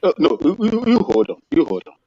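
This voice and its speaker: A man's voice: on the high side, huge pitch swings, fairly quick, mellow. A man in an online discussion who stumbles over restarts as he pushes to make his point. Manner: stammering restarts, pushes to speak. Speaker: panel participant. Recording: dry, dull lo-fi line.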